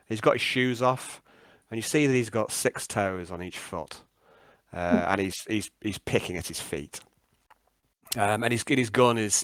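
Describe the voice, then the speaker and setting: Hesitant game master. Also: male voice, on the low side, fairly bright tone, no echo. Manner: hesitant, many ums and restarts. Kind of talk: narrating a tabletop game.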